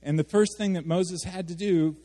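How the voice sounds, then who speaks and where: A man preaching a sermon as a pastor, animated, asking his congregation questions and acting out the quotes he reads. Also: high-pitched, moderate pace. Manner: animated, asks the audience questions, acts out quotes. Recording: hall reverb.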